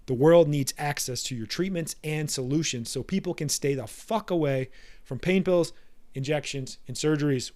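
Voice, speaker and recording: A man in his thirties hosting a podcast, giving a blunt, profane and forceful motivational monologue. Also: on the high side. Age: 30s. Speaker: podcast host.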